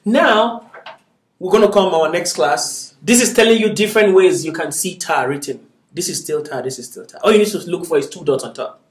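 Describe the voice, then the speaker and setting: A man's voice: high-pitched, a little fast, echoey room, distant mic. A man teaching a beginners' Arabic class, patiently drilling syllables aloud and constantly checking that his students are following. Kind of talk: classroom lesson.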